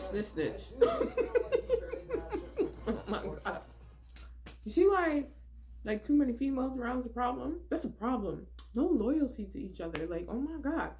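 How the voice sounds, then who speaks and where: A young woman talks casually into her camera as she reacts to a reality show. Her pitch swings widely, and her delivery is blunt and exasperated, with frequent laughter. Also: very animated, normal speed. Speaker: reality TV recap vlogger.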